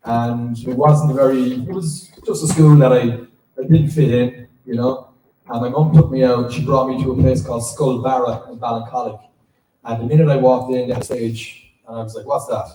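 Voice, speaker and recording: A man's voice: mid-range voice, normal speed, slight background noise. A middle-aged man from Ireland with a Cork Irish accent, telling anecdotes as a panel guest at a live convention. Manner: animated storyteller, laughs often. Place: large auditorium. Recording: echoey hall, distant mic.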